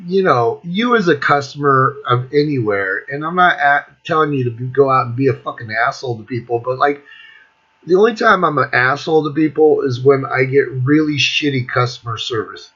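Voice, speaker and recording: Speaking at a normal pace in a mid-range voice that is a bit bright with a breathy edge, a middle-aged music vlogger grumbles on his own channel. The rant is casual, irritated and full of profanity, and the lo-fi recording is dull.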